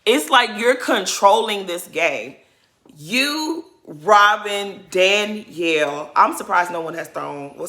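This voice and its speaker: Animated woman with a bright, forceful voice. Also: lowish voice. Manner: animated, emphatic, laughs often. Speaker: reality show recapper. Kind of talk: casual commentary.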